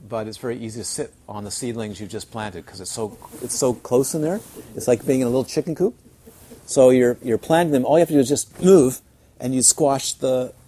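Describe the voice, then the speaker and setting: A man's voice: mid-range voice, warm tone, a little hiss or hum. A man teaching as a Buddhist teacher during a retreat, chatty and checking in with his listeners as he tells funny stories. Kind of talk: Dharma talk on a retreat. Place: retreat centre.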